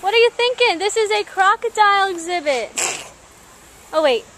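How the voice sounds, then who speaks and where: A woman's voice: very high-pitched, animated, moderate pace, fairly bright tone. A young woman vlogging casually at a zoo and a craft store, joking around and narrating in silly voices. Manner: goofy, jokey narration with silly put-on voices. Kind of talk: casual vlog chat.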